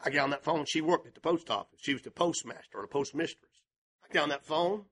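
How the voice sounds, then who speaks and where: An older male pastor preaching with passion, swinging between shouted and hushed delivery. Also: fairly high pitch, fast, slightly rough. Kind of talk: sermon.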